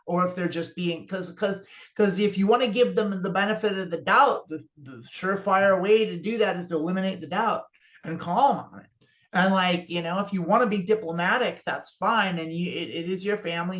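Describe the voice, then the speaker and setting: A podcast co-host talking in casual chat, heated and rambling, with many restarts. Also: female voice, fairly low pitch. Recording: dull lo-fi sound.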